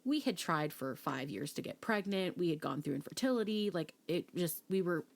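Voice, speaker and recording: A woman's voice: fairly low pitch, lively intonation, normal speed, creaky. A young adult woman co-hosting a podcast, telling a story in casual chat and acting out quoted lines. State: pregnant. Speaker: podcast co-host.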